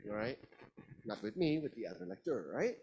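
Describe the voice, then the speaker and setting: Animated man giving a playful speaking demo. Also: a little high, a little fast, gravelly, a little hiss or hum, low-quality recording. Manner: playful, demonstrative, shifts stress and volume to show emphasis. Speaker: speaker at a university communication session. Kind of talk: lively public speaking demonstration.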